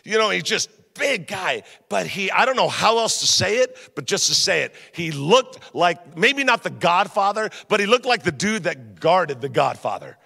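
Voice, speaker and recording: A man preaching a sermon, an animated pastor who tells funny stories and keeps asking the congregation questions. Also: high voice, normal speed, gravelly, few pauses, breathy edge. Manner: animated, jokey, talks straight to the crowd. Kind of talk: sermon with humorous storytelling. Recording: long reverb of a large hall.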